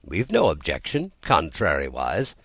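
A man's voice: a bass voice, huge pitch swings, measured pace, a bit bright, breathy edge, dry recording, heavily acted. A man doing Tweedledee, a sulky contrary twin.

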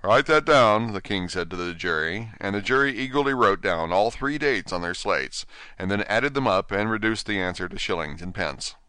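A man narrating a storybook in an expressive, animated way on a close mic. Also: low-pitched, normal speed, clean tone, no room sound. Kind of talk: storybook reading.

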